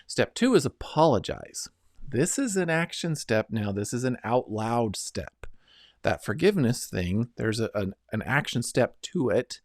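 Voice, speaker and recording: A man's voice: mid-range voice, sing-song, unhurried, no room sound, clean studio sound. A middle-aged man giving an earnest self-help lesson, coaching listeners step by step and often checking in with "right?" and "okay?". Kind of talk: instructional self-help talk.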